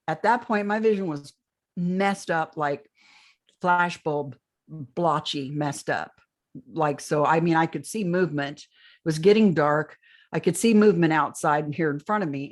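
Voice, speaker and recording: An older woman, a podcast interview guest, telling a long first-person account of a strange experience, rambling and often restarting her phrases. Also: low-pitched.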